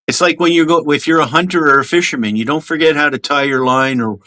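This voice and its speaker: A man from Canada telling lively, swear-laced stories from his cadet days in a casual chat. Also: fairly high pitch, fast. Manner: animated storyteller, swears casually.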